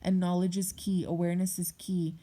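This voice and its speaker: A young woman talks straight to her viewers in a personal vlog, heated and blunt, with frequent swearing. Her voice sits a little low. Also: flat delivery, fairly quick, mellow. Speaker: vlogger. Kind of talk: personal monologue to camera.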